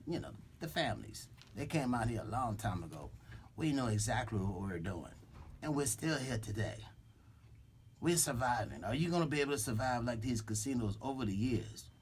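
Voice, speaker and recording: A man's voice: mid-range voice, animated, moderate pace, slight background noise, natural voice. A man voicing a boastful, threatening mob boss enforcer as a comic character on a radio show, speaking into a studio microphone. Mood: swaggering. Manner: swaggering, threatening, rambling with restarts.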